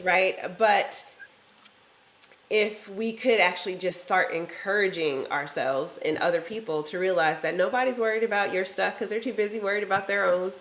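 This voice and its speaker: A woman's voice: mid-range voice, moderate pace. Laid-back woman host in an echoey room. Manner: easygoing, laughs often. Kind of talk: casual talk show chat. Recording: roomy echo.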